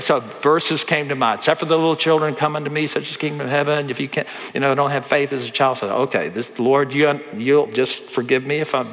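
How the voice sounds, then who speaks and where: A man's voice: mid-range voice, long reverb tail. A man, a pastor telling stories in a folksy sermon and acting out the voices of the people in them. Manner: folksy, animated storyteller who acts out voices. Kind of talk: storytelling sermon.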